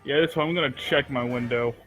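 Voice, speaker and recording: A man's voice: mid-range voice, fast, fairly bright tone, faint music behind. A man playing in a tabletop game, talking in a blunt, wry, casual way. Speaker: player.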